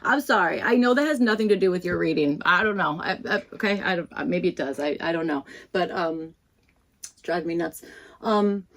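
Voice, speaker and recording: A woman's voice: on the low side, a little fast, a bit bright. A young woman giving a casual tarot reading to camera, rambling and chatty with lots of fillers and restarts. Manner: chatty and self-deprecating. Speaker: tarot reader.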